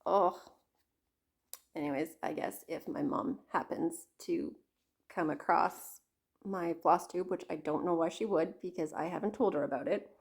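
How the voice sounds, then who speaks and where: A woman's voice: fairly low pitch, normal speed, gravelly. A middle-aged woman from Canada chatting casually to camera about her craft projects, rambling with lots of fillers, asides and self-interruptions. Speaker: craft vlogger.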